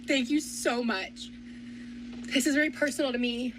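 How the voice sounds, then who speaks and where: Female vlogger, casual and profane, talks straight to viewers. Pitched a touch high, with noticeable background noise and vehicle sounds. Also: steady tone, moderate pace. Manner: blunt, profane, chatty. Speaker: vlogger unboxing gifts.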